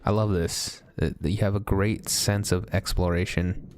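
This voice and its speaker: A man hosting a let's play, chatting casually and thinking aloud as he plays, often pausing with hesitations. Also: low voice, fairly even intonation, darkish tone. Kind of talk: casual gameplay commentary.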